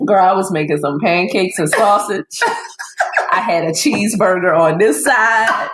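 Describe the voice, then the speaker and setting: A woman guest on a podcast, telling a story in lively casual chat with laughs between her lines. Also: medium pitch, unhurried, a little hiss or hum. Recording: echoey room.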